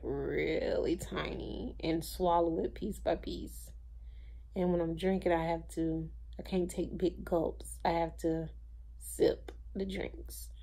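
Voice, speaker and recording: A woman's voice: on the low side, creaky, warm tone. A tired, drained young woman rambling through a personal video diary at home, full of fillers. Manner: rambling, filler-heavy storytelling. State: tired, low energy. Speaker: vlogger. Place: at home, indoors.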